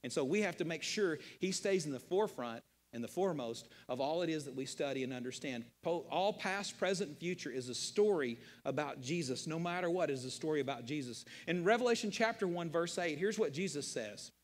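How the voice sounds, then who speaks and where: An emphatic male pastor preaching with repetition and rhetorical questions, his voice sitting somewhat high for a man. The sound rings with a long reverb from the church hall around him. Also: expressive, brisk, few pauses. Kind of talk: sermon. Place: church sanctuary.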